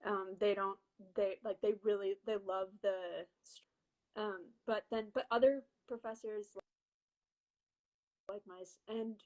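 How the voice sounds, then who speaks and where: A woman's voice: medium pitch, fairly even intonation, slow, darkish tone, rough recording. A young woman who is a guest on a video call, chatting in a friendly, hesitant way with many ums. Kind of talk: casual video-call chat.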